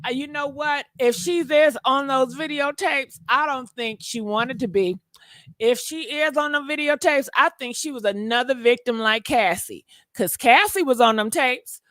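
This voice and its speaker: High, bright-voiced woman gossip host. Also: unhurried, dry recording. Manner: dramatic, exclaiming, talks to viewers directly. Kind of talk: casual gossip commentary.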